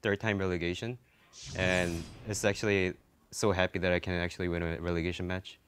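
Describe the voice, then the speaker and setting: A young man answering interview questions as a player, halting with simple phrasing and many fillers. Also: sits low, flat delivery, fairly bright tone, a little hiss or hum. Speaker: esports player. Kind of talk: post-match interview.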